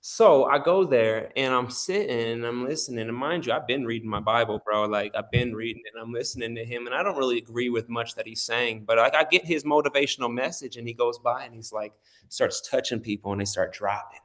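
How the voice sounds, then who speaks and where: A man's voice: medium pitch, a little fast, a bit bright. Laid-back slangy man. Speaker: interview guest. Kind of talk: casual chat.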